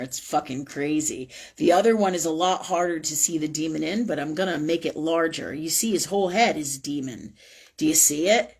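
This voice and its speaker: Live-stream host: woman, low husky voice, blunt, rambling, swears. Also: a little mellow. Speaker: host of a spiritual live talk show. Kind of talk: casual live-stream talk.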